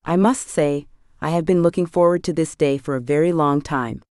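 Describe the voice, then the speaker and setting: A woman's voice: deep voice, normal speed, darkish tone, smooth, dry recording, studio quality, lightly acted. A woman voicing a wicked, grinning villain greeting his long-lost sister with smug, formal courtesy, in an audiobook. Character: wicked grinning villainous brother, adult man.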